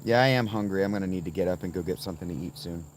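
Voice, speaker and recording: Low-pitched and racing, a man talks through a casual livestream from inside his tent, with slight background noise. He rambles, calls out chat viewers by name as he answers them, and abruptly starts sing-song chanting.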